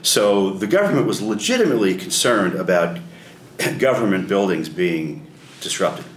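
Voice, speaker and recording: A man leading an adult class, telling a story in a conversational way, often clearing his throat and putting questions to the group. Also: low voice, lively intonation, normal speed, a little hiss or hum. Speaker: adult education class leader. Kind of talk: informal lecture with storytelling. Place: church meeting room. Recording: echoey church room.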